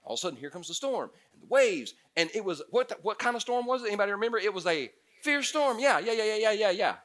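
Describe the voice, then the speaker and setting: Bright-voiced animated male pastor preaching. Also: high voice, fast talker. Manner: animated, swings from loud to hushed. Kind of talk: sermon.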